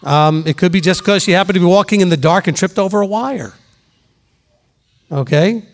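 A man's voice: sits high, normal speed. A middle-aged male pastor giving a sermon, emphatic and repetitive, now and then mimicking gossiping people. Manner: emphatic, repeats for stress, acts out gossiping voices.

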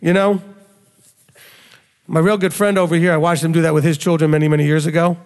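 A man's voice: on the high side, level tone, fairly quick, a little mellow. A man teaching scripture in a conversational sermon style to a small group, acting out quoted lines with animation. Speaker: bible teacher. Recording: long hall reverb.

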